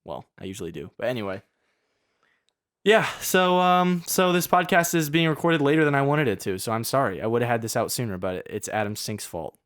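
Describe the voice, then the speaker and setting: A young podcast co-host with a medium-pitched, animated, slightly bright voice talks a bit fast in casual chat, teasing his friend and laughing as he goes. The recording is studio quality with no room sound.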